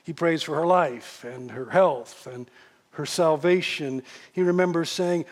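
A man telling a story in a sermon, animated and often repeating words. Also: on the high side, unhurried, in a large hall.

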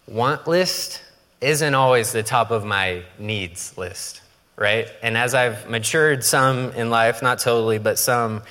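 A male pastor preaches with a bright, forceful voice, in a casual, joking way. He often slips into quoted voices for effect. The sound rings with the long reverb of a large church hall. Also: mid-range voice. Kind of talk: sermon.

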